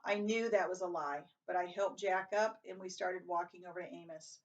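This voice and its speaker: A woman's voice: steady tone, moderate pace. Woman reading a novel aloud, lo-fi. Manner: reads dialogue with raised pitch and volume, some slips and restarts. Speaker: reader. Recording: distant, dull lo-fi home recording.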